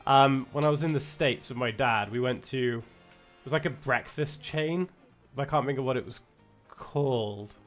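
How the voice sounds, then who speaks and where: Young man, British accent, casual streamer chat, rambling, self-correcting, mid pitch, soft music behind. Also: normal speed. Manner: rambling, many fillers and restarts, self-correcting. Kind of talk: casual chat while gaming.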